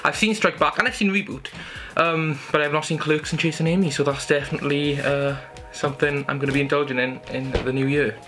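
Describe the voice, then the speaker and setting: Brisk and hardly pausing, a young man with a slightly high, steady voice enthusiastically chats through the Christmas gifts he got, filmed at home as a casual haul video. Music plays in the background.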